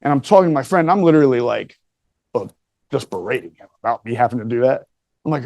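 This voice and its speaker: A man's voice: a little high, expressive, fairly quick, darkish tone, no echo. Joking, profane man telling a story. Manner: joking, profane, chatty with the audience. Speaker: speaker telling a story to a live room. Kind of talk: casual storytelling talk.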